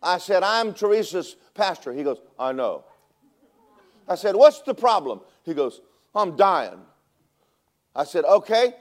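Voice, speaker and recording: A man preaching a sermon as pastor, telling stories with animated delivery that rises to shouting at its peaks. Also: high-pitched, moderate pace, few pauses.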